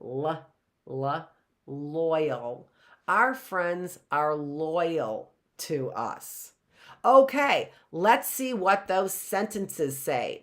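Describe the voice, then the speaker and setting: A middle-aged woman teaching an online phonics lesson, explaining slowly and sounding out letters and words. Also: sits low, creaky.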